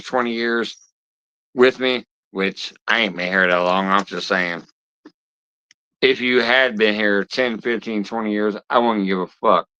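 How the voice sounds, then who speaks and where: A man's voice: mid-range voice, sharp tone, smooth, muffled recording. A man hosting a live stream who talks to his viewers bluntly and swears heavily as he scolds them. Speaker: livestream host of a fishing channel.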